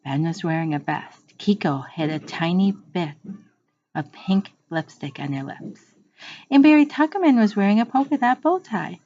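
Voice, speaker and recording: A woman reading a children's book aloud to a class like a teacher, unhurried, pausing to explain words and correcting her slips. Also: on the low side, animated, mellow. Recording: muffled lo-fi recording.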